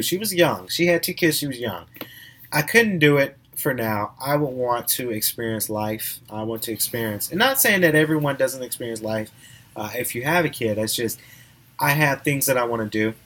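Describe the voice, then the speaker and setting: Young guy podcast host, chatty and animated, a bit husky, bright tone. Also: medium pitch. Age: young adult. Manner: animated, laughs while telling stories, many restarts. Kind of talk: casual storytelling monologue.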